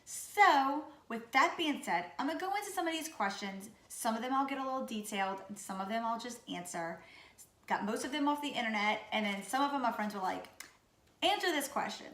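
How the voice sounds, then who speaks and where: A woman in her late thirties from Louisiana, with a Louisiana accent, who sounds raspy and sick, chatting casually and goofily to camera about herself. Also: fairly high pitch, lively intonation, brisk, fairly bright tone, reverberant. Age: 30s. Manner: goofy, chatty. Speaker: vlogger. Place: room at home.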